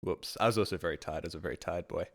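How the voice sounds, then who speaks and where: A man streaming a game, telling rambling everyday stories and acting out his own exasperated reactions in a sudden higher voice. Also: racing, vocal fry. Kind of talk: casual stream chat, storytelling.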